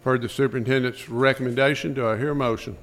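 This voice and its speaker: A man chairing a school board meeting, running through motions and votes in a brisk, routine manner. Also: medium pitch, steady tone, a little hiss or hum. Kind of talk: formal meeting procedure.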